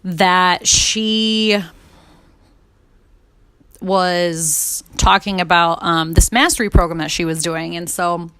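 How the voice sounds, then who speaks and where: A woman's voice: lowish voice, fairly even intonation, takes it slowly, long pauses, fairly bright tone, smooth. A woman in her thirties telling her personal story in a candid, chatty way, with lots of fillers and some swearing. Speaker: podcast host.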